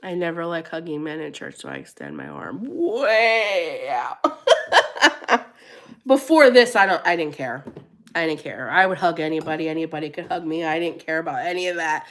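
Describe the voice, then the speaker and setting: Middle-aged lady chatting on her livestream, lively, laughs a lot, pitch jumps way up on quotes. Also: moderate pace. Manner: animated, laughs often, squeals when quoting herself. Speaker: livestream host. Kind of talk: casual livestream chat.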